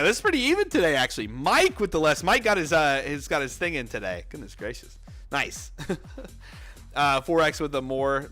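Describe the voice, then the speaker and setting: A bright-voiced man hosts a trading livestream, rattling off viewer names with bursts of excitement. He sounds winded, as if out of breath. Faint music plays behind him. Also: medium pitch. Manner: energetic, reads viewer names rapidly, excitable outbursts. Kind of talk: casual livestream chat.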